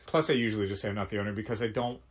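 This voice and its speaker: A man's voice: on the low side, rapid-fire. Chatty man telling a phone story. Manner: animated storytelling with quoted phone voices. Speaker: podcast co-host, comic shop co-owner. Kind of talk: casual podcast chat.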